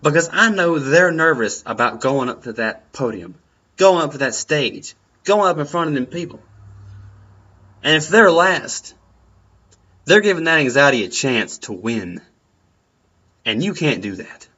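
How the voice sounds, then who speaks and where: A man's voice: a little high, lively intonation, a little slow, pauses often, bright, forceful tone. A young man giving earnest, encouraging advice in a personal talk, often repeating his phrases. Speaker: vlogger. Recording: dull lo-fi sound.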